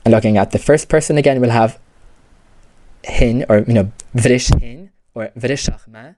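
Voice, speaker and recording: A man's voice: mid-range voice, normal speed, dark tone, a little hiss or hum. A man explaining grammar step by step in a patient lesson, often saying "you know" and "okay". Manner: patient, repeats key terms, many fillers like "you know" and "okay". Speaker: language teacher.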